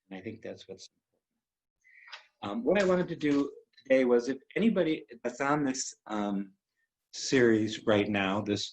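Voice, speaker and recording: A man hosting a web series, telling a personal story in an emotional, halting way with many pauses. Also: fairly low pitch, rough recording.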